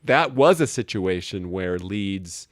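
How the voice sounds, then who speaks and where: A man co-hosting a casual podcast, his pitch low but swinging widely as he jokes and laughs. His voice is recorded close and dry. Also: animated, slow pace, dry recording. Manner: joking, laughs often, with sudden high exclamations. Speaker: podcast co-host. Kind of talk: casual chat. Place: Chicago area.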